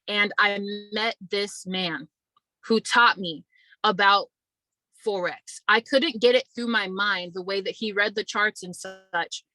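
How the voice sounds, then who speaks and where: A woman's voice: mid-range voice, slow pace, bright, forceful tone, dry recording, poor audio. A woman in her twenties hosting an online community, talking casually and motivationally to her viewers, calling them y'all. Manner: chatty, testimonial, addresses viewers as y'all. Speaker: online business community host.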